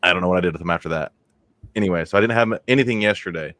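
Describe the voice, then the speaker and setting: Low-voiced man rambling through crude stories. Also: racing, fairly bright tone, no echo. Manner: rambling, crude storytelling with laughs. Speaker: podcast co-host. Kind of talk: casual podcast chat.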